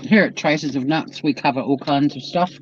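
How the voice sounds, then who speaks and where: A man's voice: on the high side, moderate pace, husky, dry recording. A man hosting his own channel, chatting casually on a live-stream while eating, rambling and talking with his mouth full. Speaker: YouTube channel host. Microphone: home live-stream camera mic. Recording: dull, dry lo-fi live-stream audio.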